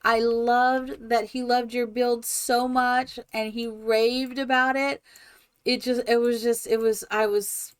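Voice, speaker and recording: Excitable, gushing woman streamer. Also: a little high, takes it slowly, smooth, no room sound. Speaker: streamer host. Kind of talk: live-stream chat while building in a game.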